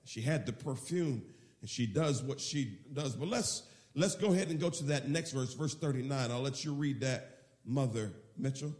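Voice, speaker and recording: A man's voice: medium pitch, normal speed, echoey room. A man preaching a sermon as pastor, acting out the scene as he tells it. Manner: animated, acts out the scene in storytelling.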